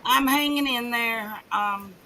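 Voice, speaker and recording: A woman's voice: fairly high pitch, slow pace, over a noisy crowd, poor audio. A woman guest on a video-call panel, talking in a plain, matter-of-fact way. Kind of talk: casual chat.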